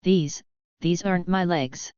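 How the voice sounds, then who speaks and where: Shaken young woman, as a woman reads her, low-ish voice, dry close sound. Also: a little slow, darkish tone, clean tone, dry recording, dull audio, natural voice. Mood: tense. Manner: tense, rattled.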